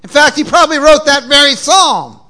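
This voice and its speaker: Man, pastor, from New England, sermon, high voice, bright tone, call-and-response, repeats his words. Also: lively intonation, moderate pace. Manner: call-and-response preaching, frequent repeated restarts. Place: church.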